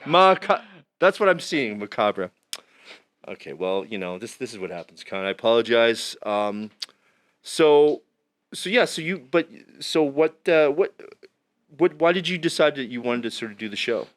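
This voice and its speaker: Male host, casual chat, animated pitch, rambles and trips over words. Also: moderate pace. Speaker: podcast host. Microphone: no headphones, remote link.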